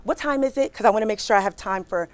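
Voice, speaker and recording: A middle-aged woman giving a lively workshop talk on careers to a live audience in a hall, emphatic and repeating her points, often checking in with "right?" and "okay?". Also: mid-range voice, fast talker. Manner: acts out quotes with a bright smile in her voice.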